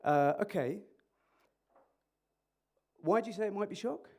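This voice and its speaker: An emergency clinician with a high-pitched, unhurried voice talks through a microphone in a conference hall. The interactive talk is animated and full of jokes, and he quizzes the audience.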